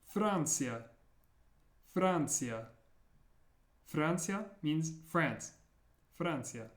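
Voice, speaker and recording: A man teaching the sounds of an alphabet, repeating each one slowly and clearly, with playful memory tricks. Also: fairly high pitch, expressive, echoey room. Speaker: language teacher. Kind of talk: slow, deliberate pronunciation lesson.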